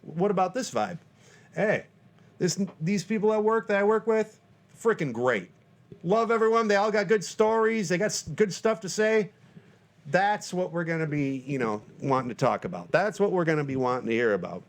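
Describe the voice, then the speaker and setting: A man's voice: lively intonation, normal speed. Rambling self-mocking man in his forties. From Northern Michigan, US. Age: 40s. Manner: loose and self-mocking, lots of fillers and restarts; breaks into shrill panicky shouts for comic bits. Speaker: podcast host. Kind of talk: rambling solo podcast monologue.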